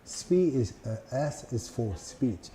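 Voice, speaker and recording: An older man answering interview questions as a guest, halting, with many fillers and slow careful words, his speech tiring and falling apart. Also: medium pitch, animated, mellow. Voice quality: speech that tires and falls apart. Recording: echoey room with faint noise.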